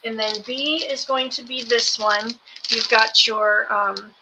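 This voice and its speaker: A woman hosting a live selling show, going through each craft kit item by item in an unhurried way. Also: a little high, steady tone. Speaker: host selling craft kits. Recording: background noise with clicks.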